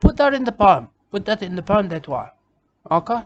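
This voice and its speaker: A man's voice: high-pitched, sing-song, moderate pace, dull audio, noisy background. A man voicing a rambling, self-important male bush poet in a comic monologue, repeating himself and tagging lines with "okay?" and "mate".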